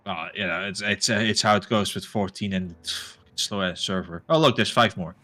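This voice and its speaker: A man with a bright, crisp-edged tone chats casually during a game, easygoing and coaching, dropping profanity without heat. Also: low voice, brisk. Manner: laid-back, coaching, profane. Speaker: co-player. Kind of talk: casual gaming chat.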